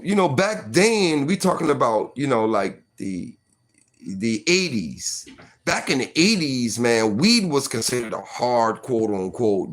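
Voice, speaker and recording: A man in his forties telling a personal story casually, full of fillers like "you know what I mean". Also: fairly low pitch.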